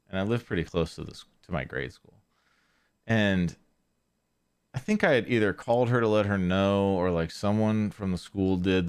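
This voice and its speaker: A man's voice: low voice, smooth. A man hosting a podcast, telling a story in a casual, rambling way with lots of fillers and restarts. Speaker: podcast host.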